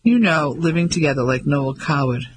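A man voicing Ellie, calm woman. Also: on the high side, moderate pace, slight background noise, natural voice, rough recording. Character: woman Ellie, curious English traveller.

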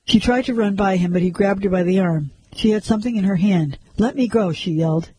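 A man narrating a crime story like an audiobook, measured and suspenseful. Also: high-pitched, warm tone, a little hiss or hum, low-quality recording.

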